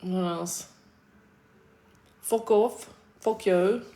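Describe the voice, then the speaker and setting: A woman's voice: medium pitch, extremely slow, dark tone. A South African woman chatting casually on a livestream, answering her chat with a laid-back manner, frequent laughs and casual swearing.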